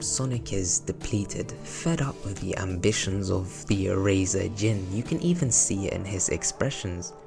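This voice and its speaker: A man's voice: low-pitched, gravelly. A young man giving casual, reflective analytical commentary on a video game series. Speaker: video essayist. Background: background music.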